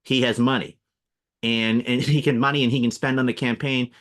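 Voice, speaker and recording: A man's voice: mid-range voice, steady tone, a little fast, a bit bright. A man speaking as a political analyst guest in a radio interview, explaining at length and listing names and examples.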